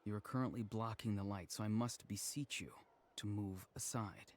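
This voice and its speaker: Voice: low-pitched, lightly acted. An actor playing a solemn, cryptic philosopher. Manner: slow, formal, grave. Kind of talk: video game voice acting.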